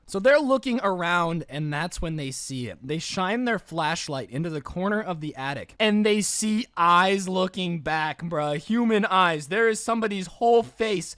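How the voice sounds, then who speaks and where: A man's voice: sits high, normal speed, hardly any pauses, no room sound, studio quality. A man telling a scary story in a casual storytime style, joking and slangy. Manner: animated, joking, slangy asides. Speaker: storytime youtuber.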